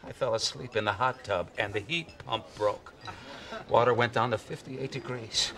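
An actor playing an eccentric neighbor who is chilled to the bone, talking in shivering, halting complaints. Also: male voice, medium pitch, a bit bright, natural voice. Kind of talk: sitcom acting. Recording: studio audience laughter.

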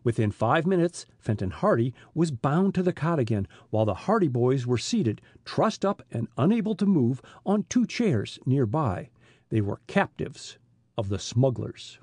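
A man narrating an adventure audiobook in an expressive reading style. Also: medium pitch, breathy edge, no echo, studio quality. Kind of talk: scripted narration.

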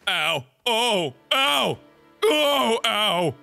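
A man in his twenties doing excitable let's play commentary, yelling, cackling and trash talking the game goofily. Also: extremely high pitch, slow, gravelly, soft background music. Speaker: gaming video host.

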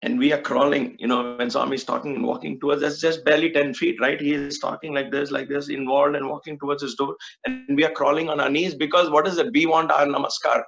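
A man's voice: a little high, little pitch movement, fast, vocal fry, hardly any pauses, a bit bright, faint music behind. A man telling a spiritual story in an earnest, musing way, repeating words for emphasis. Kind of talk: reflective storytelling talk. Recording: dull lo-fi recording.

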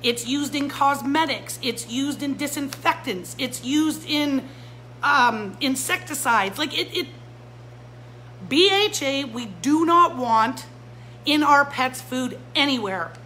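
A woman's voice: sits high, animated, slow, bright, forceful tone, slight background noise, poor audio. A woman who runs a pet store, giving a fired-up live-stream talk straight to her viewers. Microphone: phone or camera mic.

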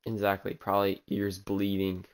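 A man's voice: sits low, completely flat delivery, normal speed. A man streaming a video game, chatting casually and teasing the characters on screen in a rambling way. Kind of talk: casual gameplay commentary.

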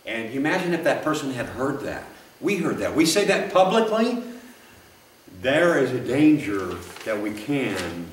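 A man preaching in a church, talking in a folksy, rambling way full of restarts and asides. His voice sits at a middle pitch and is picked up from a distance. The sound is roomy and echoing. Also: sing-song, unhurried. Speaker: pastor. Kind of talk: sermon. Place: church sanctuary.

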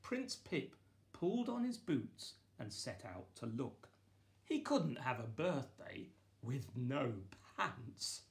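A man, the author, reading his children's picture book aloud in a playful, lively way with bursts of excited exclamations. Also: medium pitch, slow pace. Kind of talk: children's storybook read-aloud.

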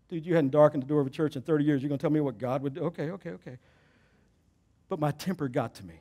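A middle-aged man, a pastor, preaching a sermon with animated, emphatic storytelling and self-deprecating humor. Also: on the high side, quick pace.

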